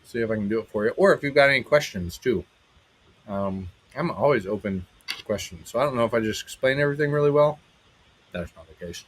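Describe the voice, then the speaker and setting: A married man hosting a live stream as a musician, chatting casually with viewers in a rambling, halting way, full of fillers, brightening when he greets people. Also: mid-range voice, expressive, a little hiss or hum, poor audio. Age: adult, married.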